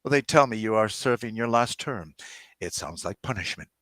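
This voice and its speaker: A man reading his novel aloud, voicing a cold, mysterious alien holy man who speaks slowly and solemnly. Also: expressive, fairly bright tone, dry recording. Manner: slow, low, solemn.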